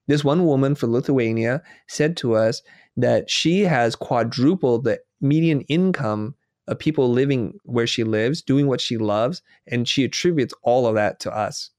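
A man talking in a middle-pitched voice, earnest and reflective, who tells stories and acts out little quoted exchanges as he goes. The sound is close and dry, with no room around it. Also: measured pace, darkish tone, dry recording. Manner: earnest, storytelling, quotes himself and others. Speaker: guest. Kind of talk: reflective conversational interview.

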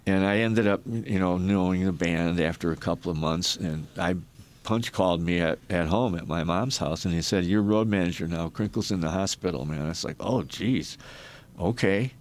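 A man's voice: low-pitched, moderate pace. An older man from Michigan, a guest in an interview, telling long rambling stories and acting out the people in them. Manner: rambling anecdotes with restarts and acted quotes. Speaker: guest, former rock roadie and photographer. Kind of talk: storytelling in a podcast interview.

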